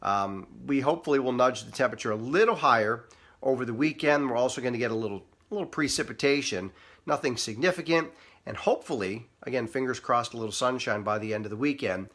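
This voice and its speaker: A man presenting a casual weather forecast with a sponsor spot, talking in a relaxed, folksy way and wandering into small asides. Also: mid-range voice, fast talker.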